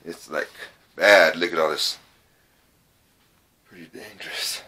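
A middle-aged man exploring an old abandoned trailer on a casual ghost-hunting vlog, talking in a halting, folksy way and repeating his words. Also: a bass voice, steady tone, pushed and bright, slightly rough. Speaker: paranormal vlogger.

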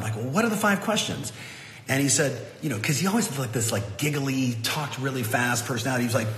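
A middle-aged man tells a motivational story in a loose, animated way, leaning on fillers as he goes. His voice sits at a middle pitch. It rings with a long, roomy reverb over faint ambience. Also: moderate pace, a little hiss or hum. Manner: animated, frequent fillers like "like" and "you know". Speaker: host.

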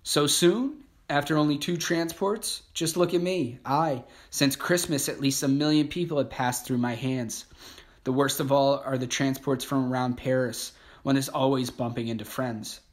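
A man's voice: medium pitch, steady tone, normal speed, close to an everyday voice. A man voicing a hardened male camp prisoner who talks bluntly and matter-of-factly, in an audiobook reading.

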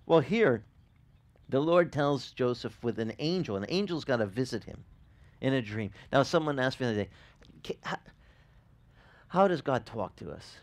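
Male pastor, mid-pitched, chatty animated sermon with audience questions and repeated restarts. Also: moderate pace, long pauses. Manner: animated, asks the congregation questions. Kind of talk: conversational sermon.

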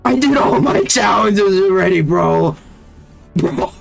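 A man's voice: high-pitched, takes it slowly, gravelly, soft background music. A young man casually commentating his gameplay, hyped and constantly saying "bro.". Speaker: gaming streamer.

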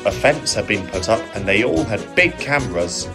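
A man narrating a storybook audio reading in a slow, measured way. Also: fairly low pitch, animated. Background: music.

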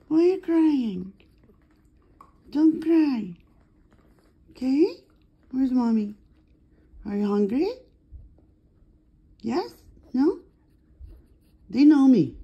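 A woman speaks slowly in a dark, warm tone with a gravelly edge, cooing to her puppies in non-native English. Her pitch swings widely between high baby-talk and low, plain explaining. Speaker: puppy owner. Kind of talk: casual home video chat.

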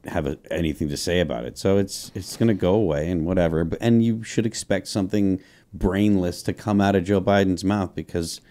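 A very deep-voiced man with a dark, mellow tone, co-hosting a casual podcast panel. He is dryly sarcastic and often restarts his sentences. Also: a little fast. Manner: hesitant restarts, dry sarcasm. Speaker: podcast co-host.

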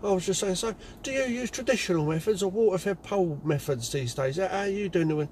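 A man's voice: high voice, darkish tone, slight background noise, voice pushed up, lightly acted. A man voicing a rival window cleaner on the phone who blusters and rambles. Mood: backpedalling. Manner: blustering, rambling, quick to back down.

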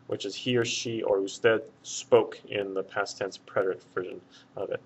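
A man teaching a Spanish lesson in a relaxed way, with many filler words. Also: fairly low pitch, normal speed, husky. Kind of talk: casual video lesson. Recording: dull lo-fi sound.

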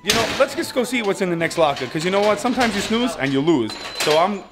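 A man's voice: high-pitched, big pitch swings, fast talker. A man buying at storage auctions, talking brashly and swearing freely in a reality show. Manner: brash, profane trash talk. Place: storage auction and flea market.

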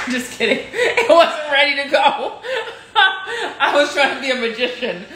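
A bright, lively woman chats with her live-stream viewers from her kitchen, laughing often between sentences. Her high voice swings up and down as she talks. The room gives her voice an echo. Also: unhurried, a little hiss or hum. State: sore neck. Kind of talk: casual live stream chat. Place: home kitchen. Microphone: phone.

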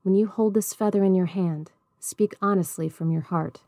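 A woman reading as a calm circle keeper woman. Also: medium pitch, moderate pace, dry recording, clean studio sound, close to an everyday voice.

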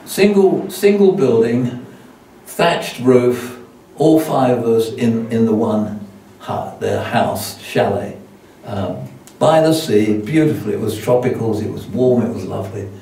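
A man's voice: medium pitch, unhurried, warm tone, slight background noise. An older man preaching as a guest, telling a self-deprecating story with many restarts. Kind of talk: sermon with anecdotes. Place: church hall. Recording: echoey church hall from far off.

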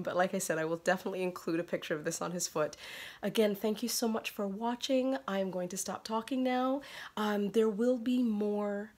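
A woman in her thirties hosting a casual knitting tutorial, chatty and apologetic, laughing often as she explains. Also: medium pitch.

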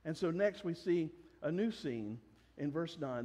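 A man preaching a sermon as pastor, lively, and acting out voices from the story. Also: on the high side, unhurried, slightly rough. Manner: animated, acts out voices in the story. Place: church sanctuary. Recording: long reverb of a church hall.

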